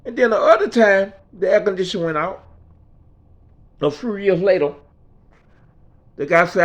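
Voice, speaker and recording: High-voiced man telling a story. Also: animated, normal speed, long pauses, dull audio. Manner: conversational, repetitive, checks in with "right?". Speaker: speaker. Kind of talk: personal storytelling talk.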